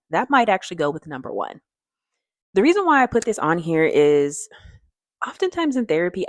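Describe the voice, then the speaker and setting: A woman's voice: low voice, dry recording, clean studio sound. A woman therapist giving direct, emphatic advice to camera, often checking in with "okay?". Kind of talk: casual advice talk to camera.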